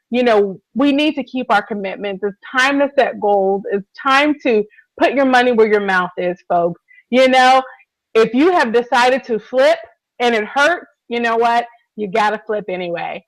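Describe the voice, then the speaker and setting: A woman with a high voice chats eagerly as co-host of a TV recap show, turning often to her partner to share her thoughts. The sound is dry and close, with no room around her. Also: no echo, low-quality recording. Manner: enthusiastic, keeps addressing her co-host. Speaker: podcast co-host. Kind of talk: casual TV recap chat.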